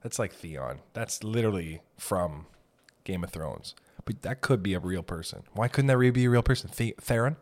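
A young man with a somewhat low voice hosts a podcast, drifting from tangent to tangent in a loose, self-deprecating comic monologue. He swears freely and keeps circling back to his own half-finished thoughts. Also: lively intonation, normal speed. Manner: meandering, self-deprecating, swears casually, breaks into loud mock shouts. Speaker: podcast host. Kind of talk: rambling comedic monologue.

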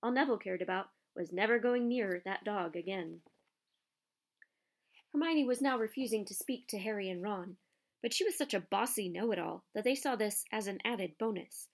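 Woman narrator, audiobook reading, calm, even storytelling, mid pitch. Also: normal speed.

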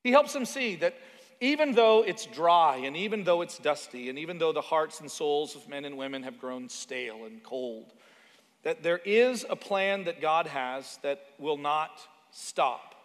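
A high-voiced man preaching in a conversational way, breaking off for asides and stories about his own life. His voice rings with the long reverb of a large hall. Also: expressive, unhurried. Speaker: pastor. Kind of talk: sermon.

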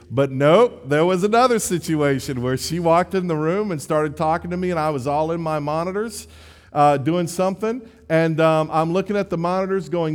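A man's voice: on the high side, normal speed. A man giving a sermon in a conversational, self-deprecating way, often restarting his sentences. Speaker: preacher. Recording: long hall reverb.

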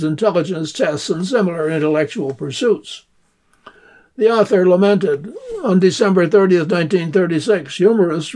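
A man hosting a community radio segment, telling the history of a joke form in unhurried scripted narration and reading the jokes aloud in playful voices. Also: high-pitched, a little mellow. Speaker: radio host.

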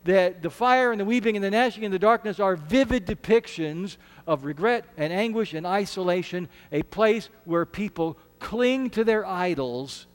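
A man's voice: high voice, animated, moderate pace, hardly any pauses, long reverb tail. A man preaching a sermon as pastor, earnest and conversational, often restarting his words. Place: church sanctuary.

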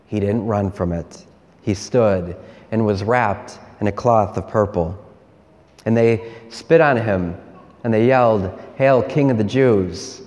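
A male priest preaches a sermon slowly and deliberately, returning repeatedly to short refrains. His slightly mellow voice sits at an ordinary middle pitch, and a long, church-hall-like reverb surrounds it.

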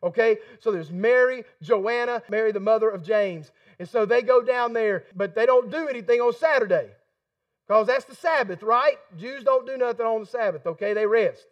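A man preaching a sermon in a folksy, emphatic way, getting excited as he talks. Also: very high voice, normal speed, far from the mic, highs cut off. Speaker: pastor.

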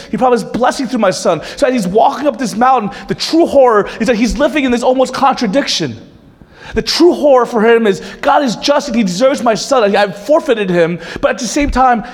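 A man preaching a sermon with impassioned rhetorical questions, at times dropping to a hushed, intense delivery. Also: sits high. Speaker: pastor. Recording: long hall reverb.

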